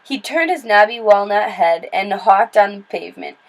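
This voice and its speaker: A woman reading a children's novel aloud in steady, plain storytelling with small slips and restarts. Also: medium pitch, moderate pace, rough recording. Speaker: read-aloud narrator.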